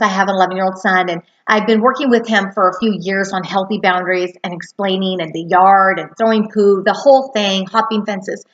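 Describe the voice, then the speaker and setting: A woman's voice: medium pitch, fairly bright tone, dull audio. Earnest woman teaching boundaries. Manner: earnest, acts out quoted dialogue. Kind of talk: spoken lesson.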